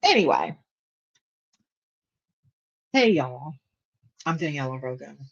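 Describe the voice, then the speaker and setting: A woman's voice: low voice, sing-song, takes it slowly, creaky, dull audio. A woman hosting a casual reaction video, blunt and sarcastic in her commentary.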